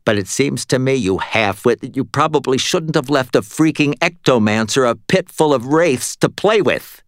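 A man voicing a gruff, irritable middle-aged male medium with a croaky, blunt way of talking, in an audiobook reading. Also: mid-range voice, expressive, moderate pace, dry recording, clean studio sound, voice pushed up, natural voice. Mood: defiant.

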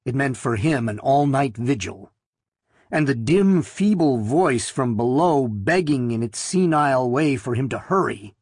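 A man narrating a novel as an audiobook, in a measured, steady reading. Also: medium pitch, gravelly, husky, no echo, clean studio sound. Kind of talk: scripted narration.

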